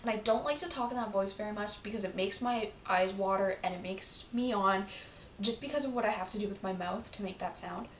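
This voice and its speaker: A woman's voice: medium pitch, brisk, slight background noise. Teen girl vlogger, casual rambling chat full of fillers; roomy sound from a mic set back. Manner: rambling, filler-heavy and chatty. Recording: roomy, from a distance.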